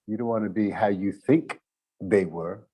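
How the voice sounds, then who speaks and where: A man answering a panel question, talking slowly with many pauses and restarts. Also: lowish voice, dark tone, breathy edge, rough recording. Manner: slow, halting, many restarts. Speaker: actor panelist.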